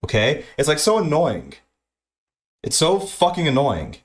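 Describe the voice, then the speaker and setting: Aggrieved young man ranting a story. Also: wildly swooping pitch. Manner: aggrieved, profane, repetitive, fast-swinging pitch. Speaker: streamer telling a story. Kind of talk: ranting anecdote.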